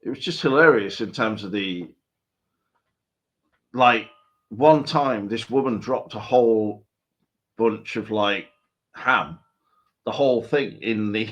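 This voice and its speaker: A man's voice: on the low side, a little slow, pauses often, highs cut off. A man co-hosting a casual live stream, joking and rambling over a call mic. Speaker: co-host.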